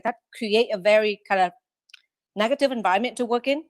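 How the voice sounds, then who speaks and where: A woman running a restaurant, a guest on a podcast interview, talking in an animated way and often acting out quick quotes. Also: mid-range voice, dry recording. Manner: animated, quotes herself and staff in lively asides.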